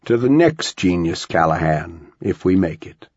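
A man voicing an easygoing, wry husband and father, gravelly with a light, offhand delivery, on a dull, dry recording. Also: sits low, big pitch swings, measured pace, darkish tone, no room sound, heavily acted.

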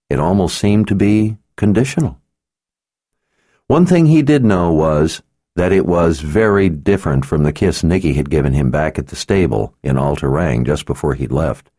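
Male audiobook narrator, very deep and mellow, lively inflection, measured delivery. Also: no echo, studio quality. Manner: expressive, measured storytelling. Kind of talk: scripted narration.

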